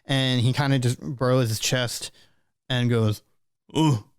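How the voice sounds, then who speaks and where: A man's voice: mid-range voice, a little slow, clear, resonant tone, no echo, studio quality. Easygoing man running a tabletop game. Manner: relaxed, full of fillers. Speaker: game master.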